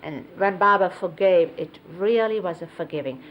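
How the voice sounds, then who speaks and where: A woman recalling memories in an unhurried storytelling way, explaining and demonstrating hand gestures as she goes. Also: on the low side, lo-fi sound. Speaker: close companion recounting memories of a spiritual teacher. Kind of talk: reminiscing storytelling. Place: 1970s videotaped sit-down interview.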